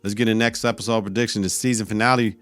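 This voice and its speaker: A man's voice: on the low side, steady tone, quick pace, fairly bright tone. A male podcast host giving a casual, profane recap of a TV episode, laughing often.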